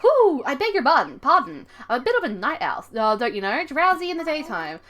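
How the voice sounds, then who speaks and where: Woman playing a British owl curator, male, pompous and drowsy, formal, high lively voice. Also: fairly quick, full character voice. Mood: grand. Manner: formal, grandiose speech.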